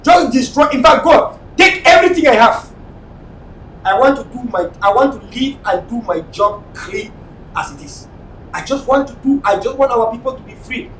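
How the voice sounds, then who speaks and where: Cameroonian guy ranting on his late night live show, high pitched, repeats himself, roomy echo, faint rumble behind. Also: animated, moderate pace. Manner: impassioned and repetitive, at times shouting. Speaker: online TV talk show host. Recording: echoey room, mic at a distance, faint rumble.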